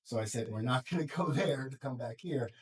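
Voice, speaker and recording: Animated man counselor talking to a group. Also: mid-range voice, breathy edge, low-quality recording. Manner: animated, acts out parents and kids in quick quoted voices, laughs often. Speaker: school counselor and life coach. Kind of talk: casual talk to a group. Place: room with students and parents.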